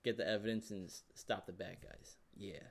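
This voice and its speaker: A man vlogging a casual, rambling recap of a show, full of fillers and excited reactions. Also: fairly low pitch, moderate pace, creaky. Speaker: YouTuber.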